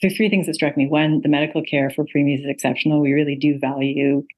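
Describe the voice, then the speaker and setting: A woman's voice: sits low, steady tone, fast, darkish tone, low-quality recording. A middle-aged woman, an author and interview guest, telling a personal story earnestly with many ums and uhs. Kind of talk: interview conversation.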